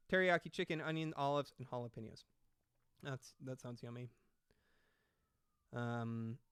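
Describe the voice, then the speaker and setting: A man's voice: mid-range voice, fairly bright tone, clean tone, no echo, studio quality. A man doing casual reaction commentary, rambling and sarcastic with lots of swearing.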